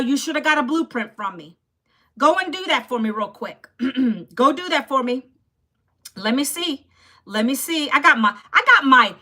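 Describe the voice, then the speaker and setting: A woman in her fifties hosting a live stream, talking loudly and bluntly as she pushes her program and scolds viewers in the chat. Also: high-pitched. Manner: loud and blunt, close to yelling. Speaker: livestream host selling an online program.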